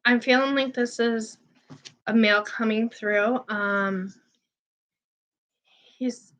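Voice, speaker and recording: A woman's voice: on the high side, steady tone, slow, fairly bright tone. A woman medium passing on spirit messages in an earnest, slightly unsure way, with frequent fillers. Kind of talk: live reading of spirit messages.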